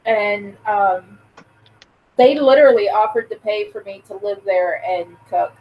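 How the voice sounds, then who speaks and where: A woman's voice: mid-range voice, a little slow, dull audio. A woman chatting casually, telling a blunt, crude story and acting out the dialogue. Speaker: podcast co-host. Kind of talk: casual chat.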